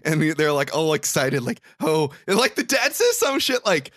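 High, lively-voiced man recapping a movie. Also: moderate pace, dry recording, studio quality. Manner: crude, laughing, acts out movie lines in voices. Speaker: podcast host. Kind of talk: casual movie recap chat.

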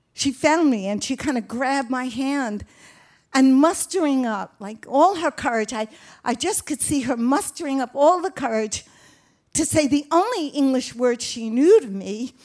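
A woman, telling a personal story on stage in a vivid, expressive way. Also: sits high.

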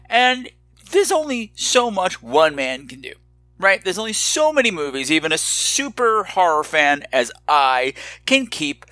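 A man hosts his own podcast in a theatrical, teasing monologue, his voice lively and swooping. It rings bright and forward. The recording is dry and close, with no room sound. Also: on the high side, dry recording. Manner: animated and theatrical, mock-menacing. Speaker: podcast host.

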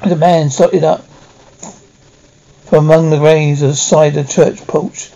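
A man reading a classic novel aloud, halting now and then to restart a word. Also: a little high, flat delivery, vocal fry, dark tone, muffled recording. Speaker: audiobook reader.

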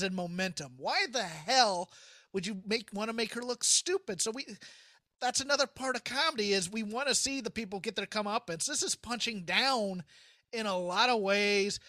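A man co-hosting a casual comedic discussion, animated, laughing often and acting out quotes. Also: high voice, dry recording, clean studio sound. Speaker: podcast co-host.

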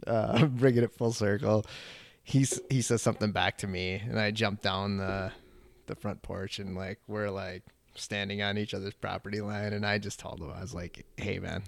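A man with a low, gravelly voice tells a story on a podcast. He rambles in casual chat, swears freely and leans on "like" fillers. The recording is dry, with no room echo. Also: fairly even intonation, normal speed. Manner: rambling, profane, many "like" fillers. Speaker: podcast guest.

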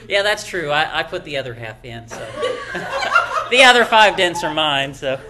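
A man's voice: fairly high pitch, sing-song, unhurried, background noise. A middle-aged man preaching a sermon as pastor, emphatic, with frequent amens and chuckles.

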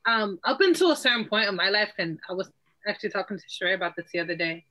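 Bright, chatty young woman. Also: mid-range voice, animated, fast, poor audio. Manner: open, chatty, oversharing. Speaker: podcast co-host. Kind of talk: casual chat.

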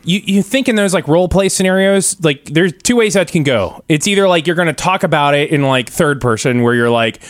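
A man's voice: on the high side, animated, brisk, hardly any pauses, no room sound. Brief: man, podcast guest, laughs often, acts out quoted lines, dry close sound. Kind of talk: casual chat.

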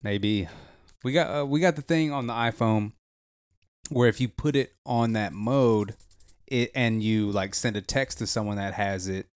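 Young male co-host, relaxed and profane, dry close sound. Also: fairly low pitch, unhurried, smooth, no room sound. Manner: laid-back, profane, jokey. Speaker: podcast co-host. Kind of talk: casual chat.

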